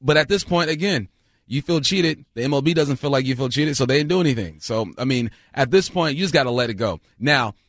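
A man's voice: mid-range voice, expressive, brisk, no room sound. Blunt man on a dry sports talk show. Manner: blunt, repeats himself.

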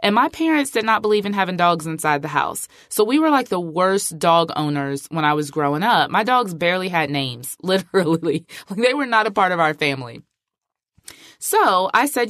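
A woman's voice: on the low side, lively intonation, normal speed, a bit bright, no room sound, studio quality. A middle-aged woman hosting a podcast, talking in a chatty, emphatic way and often saying "like". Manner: chatty, emphatic, heavy use of filler like. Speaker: podcast host. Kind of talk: casual podcast monologue.

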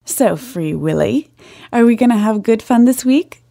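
A woman's voice: fairly high pitch, expressive, a little slow, vocal fry, warm tone, no echo, clean studio sound, voice pushed up. A woman voicing a bold, playful, flirtatious sister with a bossy, teasing manner.

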